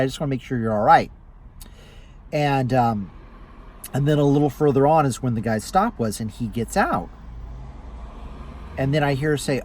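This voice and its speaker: Man telling driving stories, animated pitch, acts out passengers, faint car noise behind. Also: normal speed, pauses often, rough recording. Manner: acts out passengers' lines in raised voices. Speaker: rideshare driver and vlogger. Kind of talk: casual storytelling to camera. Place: inside a car.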